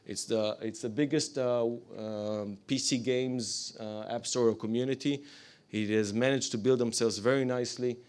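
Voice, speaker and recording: A man's voice: mid-range voice, fairly even intonation, measured pace, darkish tone, smooth. A man presents his startup to a live audience, hesitant, with many fillers and apologetic asides. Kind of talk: business pitch to a live audience.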